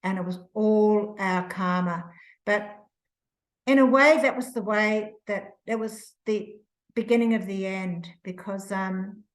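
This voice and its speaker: Slow-spoken older New woman. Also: medium pitch, low-quality recording. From New Zealand. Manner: slow, reflective, emotional retelling with restarts. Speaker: author, interview guest. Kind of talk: personal storytelling.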